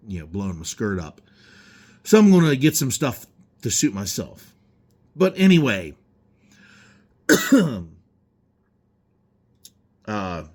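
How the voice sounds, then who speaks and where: A man in his garage, heatedly ranting in a rambling, profane vlog monologue. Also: lowish voice. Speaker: garage owner. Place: indoor garage.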